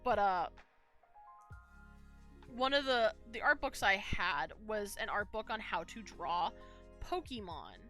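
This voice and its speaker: A woman's voice: mid-range voice, expressive, slow pace, pauses often, a bit bright, faint music behind. A young woman streaming while she draws, chatting casually and rambling with many fillers and restarts. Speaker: streamer and artist. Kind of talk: casual live-stream chat while drawing.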